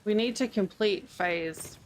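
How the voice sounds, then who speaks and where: A woman's voice: medium pitch, slow pace, slight background noise. A tired woman streaming a game, rambling casually to chat as she yawns. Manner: rambling, chatty, yawning.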